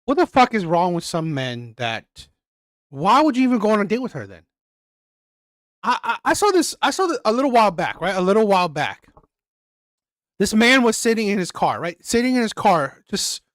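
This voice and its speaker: A woman's voice: medium pitch, no echo, clean studio sound. A woman hosting a reaction channel, commenting bluntly and profanely, repeating her points for emphasis.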